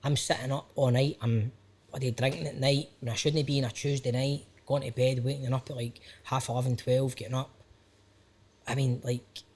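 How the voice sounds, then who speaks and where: A man's voice: mid-range voice, level tone, normal speed, darkish tone, husky. A Scottish man in his thirties, an actor talking openly on a podcast, rambling and self-questioning, peppered with "aye" and "man". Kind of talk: candid casual conversation.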